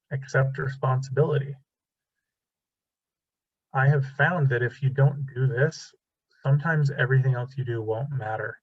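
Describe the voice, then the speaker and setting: A man's voice: mid-range voice, husky, no room sound, dull audio. A man in his thirties giving a casual, self-deprecating relationship talk to an audience, acting out bits of dialogue. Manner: animated, self-deprecating, acts out quoted dialogue. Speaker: relationship speaker.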